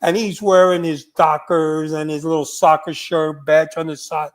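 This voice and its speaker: A man's voice: a little high, level tone, moderate pace. An older man, a retired undercover agent, telling stories in a blunt, emphatic podcast conversation.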